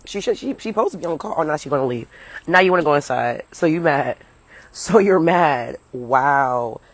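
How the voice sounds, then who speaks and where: This young woman from the United States is a comedian livestreaming a rambling story from home, partly outside, her phone at arm's length. A fast talker with a deep voice and lively intonation, she swears freely and chats with viewers. The recording is dry and rough.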